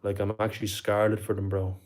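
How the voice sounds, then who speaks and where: A man's voice: fairly low pitch, monotone, fairly quick, darkish tone. A young Irish man chatting with his livestream viewers, swearing constantly and tagging his lines with bro and like. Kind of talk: casual chat with viewers.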